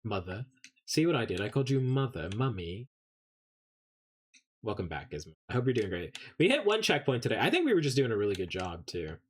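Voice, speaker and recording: A man's voice: mid-range voice, wildly swooping pitch, fast talker, few pauses, a little hiss or hum. A man from Canada chatting casually while streaming a game, playful and joking with chat, keeps slipping into put-on English accents. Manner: jokey, answers chat by name.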